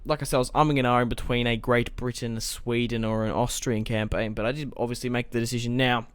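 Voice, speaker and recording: A young man talks through a game he is playing, thinking aloud in a relaxed, rambling way and dropping the odd swear word. His voice is smooth and clear, at an ordinary middle pitch. It is recorded close and dry, with no room sound. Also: quick pace, dry recording. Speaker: gaming let's-play host. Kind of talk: casual gameplay commentary.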